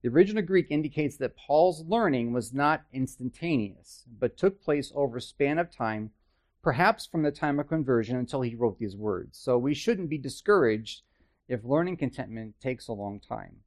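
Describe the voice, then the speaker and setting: A man's voice: mid-range voice, expressive, moderate pace. A man teaching a Bible study in a conversational way, with chatty, self-deprecating asides and frequent checks with his listeners.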